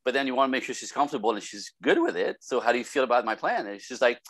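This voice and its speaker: A man appears as a relationship expert guest on a casual podcast, racing through animated stories with hardly any pauses and acting out the voices of people he quotes. His voice is mid-range, and the recording has no echo.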